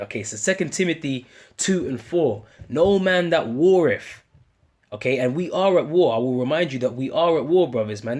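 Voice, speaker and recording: A man's voice: medium pitch, a little mellow. A British man preaching an informal sermon, speaking in casual slang with many restarts and ending phrases with "man". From United Kingdom. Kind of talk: informal street-style sermon.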